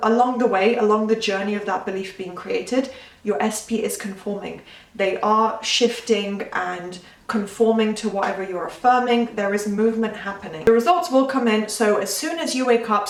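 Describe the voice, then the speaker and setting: A young woman coach talking to her viewers in an earnest, emphatic way, repeating her main point. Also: medium pitch. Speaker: manifestation coach. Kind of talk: casual talk to camera. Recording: roomy, slightly distant mic.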